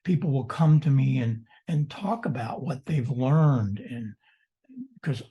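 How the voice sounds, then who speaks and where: An older man, the guest presenter, answering questions on a video call in an animated storytelling way with mock-indignant asides. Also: medium pitch, slow, husky, muffled recording.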